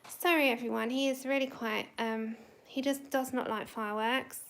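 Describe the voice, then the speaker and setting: A woman hosting a casual colouring livestream from home on her phone, chatting with viewers and coaxing her dog in a high voice. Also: steady tone, moderate pace, gravelly, a bit bright. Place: home indoors.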